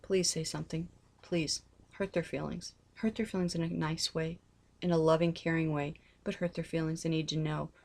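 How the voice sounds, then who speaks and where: Woman, middle-aged, lowish voice; earnest religious vlogger, pleading, repeats herself. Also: little pitch movement, moderate pace, vocal fry, darkish tone. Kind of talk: heartfelt personal talk.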